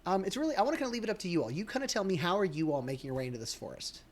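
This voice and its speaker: A man narrating as game master of a tabletop game, hesitant, with many pauses. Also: high voice, expressive. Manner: hesitant, many ums and restarts.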